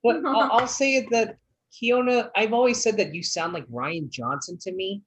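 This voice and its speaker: A man with a soft, scratchy voice chatting casually on a podcast. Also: high-pitched, normal speed, husky. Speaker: podcast co-host. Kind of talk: casual chat.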